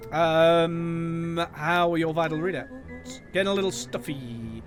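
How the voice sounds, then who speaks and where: A man's voice: fairly high pitch, expressive, unhurried, faint music behind. A man streaming a video game, reading the characters' lines aloud in playful put-on voices and joking between them. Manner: playful, puts on voices and jokes while reading. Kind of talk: let's play, reading game dialogue aloud.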